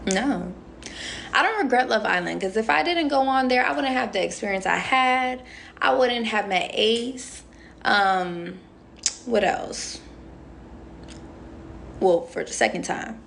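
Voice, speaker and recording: A woman's voice: fairly high pitch, gravelly, fairly bright tone, a little hiss or hum. A young woman chatting casually on a phone livestream, answering viewer comments with lots of "um" and "like" in a playful, rambling way. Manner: chatty and playful, heavy on fillers like "um" and "like". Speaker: reality show contestant on a livestream.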